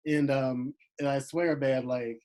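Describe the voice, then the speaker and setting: A young Air Force veteran chatting casually, rambling with lots of fillers and restarts. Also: male voice, mid-range voice, steady tone, slow pace, a little mellow, rough recording. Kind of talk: casual chat.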